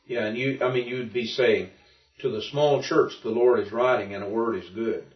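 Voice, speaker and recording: A man's voice: medium pitch, fairly even intonation, moderate pace. Man teaching Greek, recorded from afar. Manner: thinks aloud with frequent restarts, explaining patiently. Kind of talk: informal classroom lesson. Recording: muffled and roomy, from far off.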